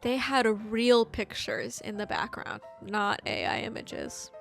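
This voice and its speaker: A woman casually recapping and reviewing a movie, rambling and chatty with lots of "like" and animated, exclamatory asides. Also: fairly high pitch, slow pace, creaky, soft background music. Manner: chatty, rambling, heavy use of "like".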